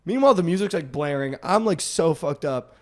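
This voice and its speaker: A man's voice: on the high side, expressive. A young man telling a rambling party story on a podcast, peppering every phrase with "like". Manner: rambling, heavy use of "like", quick swings in loudness. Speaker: podcast host. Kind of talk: casual storytelling chat.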